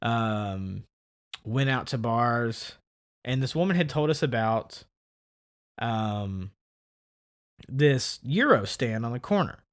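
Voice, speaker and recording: A man's voice: takes it slowly, pauses often. A man co-hosting a podcast, telling a story in casual chat and acting out the people in it. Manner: animated, acts out quoted people with big pitch jumps. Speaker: podcast co-host.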